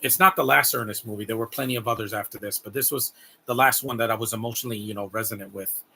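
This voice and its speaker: Gravelly man giving live movie commentary. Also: fairly low pitch, steady tone, quick pace, bright, forceful tone, a little hiss or hum. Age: adult. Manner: rambling, heartfelt, repeats words.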